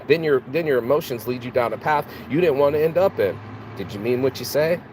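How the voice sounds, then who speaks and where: A man's voice: medium pitch, animated, a little fast. Preachy man musing outdoors by traffic. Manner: preachy, rhetorical questions, repeats and restarts words. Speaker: motivational vlogger. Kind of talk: unscripted motivational monologue.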